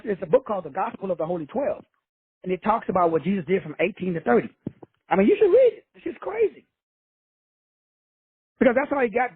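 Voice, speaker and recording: A man's voice: sits high, breathy edge, dry recording, narrow, tinny audio. A man giving a preachy motivational talk, casual and swearing, calling listeners brothers and sisters. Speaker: self-help speaker.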